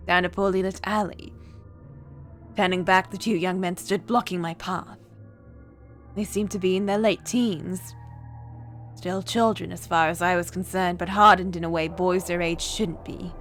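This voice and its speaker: A woman reading a cold, calm young man who craves violence, in an even, measured voice while reading a game aloud. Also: on the low side, faint music behind, natural voice.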